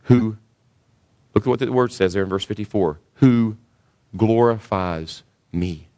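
Low-voiced pastor preaching with rising fervor. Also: male voice, measured pace, no echo, studio quality. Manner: animated preaching that rises high when voicing others. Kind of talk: sermon.

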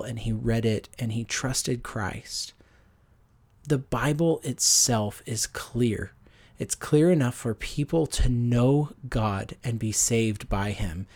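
A man delivers a Bible teaching for a podcast in a measured, earnest way. His voice sits at a middle pitch, and he often pauses on an um. He sounds like a pastor recorded on a podcast microphone. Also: darkish tone.

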